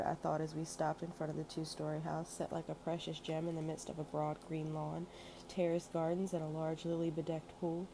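A woman reading a first-person memoir aloud in a steady, measured storytelling manner. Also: low-pitched, noisy background. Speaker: narrator. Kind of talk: audiobook memoir narration.

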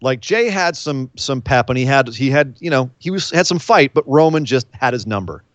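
A podcast co-host, a man with a mid-range voice, tells the story of a wrestling match in an animated way, acting out the quotes. He talks at a normal speed in a casual recap chat, and the recording is dry.

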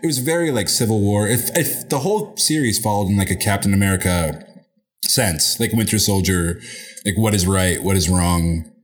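A man co-hosting a podcast in casual chat, animated and profane, with lots of filler. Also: on the low side, moderate pace. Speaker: podcast co-host.

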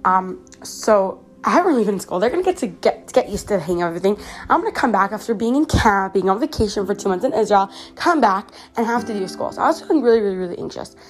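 A woman's voice: mid-range voice, expressive, quick pace, faint music behind. A teenage girl from Canada, slightly sick, hosting her own podcast in a chatty, earnest way with many fillers and restarts. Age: teens. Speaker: podcast host. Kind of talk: casual personal podcast monologue.

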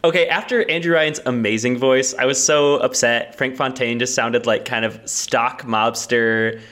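A man's voice: medium pitch, fairly even intonation, moderate pace, a bit bright. A man co-hosting a podcast, playful and laughing easily in casual chat about a game. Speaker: podcast co-host.

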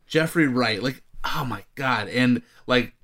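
A man's voice: medium pitch, slow, over a noisy crowd. A man co-hosting a casual film podcast, hesitant and full of fillers, trailing off mid-thought. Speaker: podcast co-host, working actor. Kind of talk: casual chat about movies.

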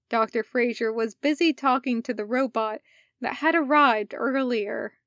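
Slow, calm woman reading a story. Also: on the high side, no room sound, studio quality. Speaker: podfic reader. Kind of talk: audiobook narration of fan fiction.

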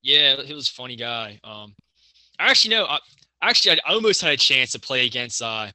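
A man's voice: medium pitch, big pitch swings, brisk, sharp tone, dry recording. A young man, a college hockey player, chatting casually on a podcast and rambling with lots of fillers and restarts. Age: young adult.

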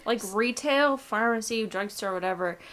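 A woman's voice: fairly high pitch, normal speed, fairly bright tone. Blunt young woman chatting. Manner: blunt and candid. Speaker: podcast co-host. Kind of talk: casual chat.

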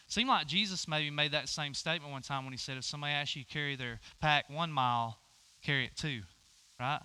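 A man's voice: medium pitch, bright, forceful tone, clean tone. A man preaching a sermon, telling a personal story and acting out both sides of the conversation. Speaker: pastor.

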